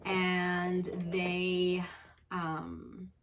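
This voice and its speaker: Chatty young mom rambling to camera. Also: female voice, fairly low pitch, monotone, very slow, a little hiss or hum. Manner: chatty, rambling, many fillers. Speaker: vlogger. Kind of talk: casual chat to camera. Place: upstairs room at home.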